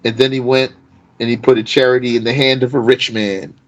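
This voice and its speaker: A man teaching an informal Arabic grammar lesson. He speaks slowly and deliberately, reciting Arabic text and then explaining it in English. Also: mid-range voice, little pitch movement, low-quality recording.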